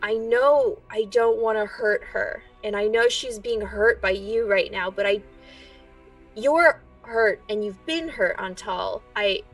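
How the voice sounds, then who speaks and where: A woman playing a tabletop game, halting and searching for words. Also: a little high, very animated, creaky, distant mic, soft background music. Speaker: player. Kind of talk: casual tabletop play.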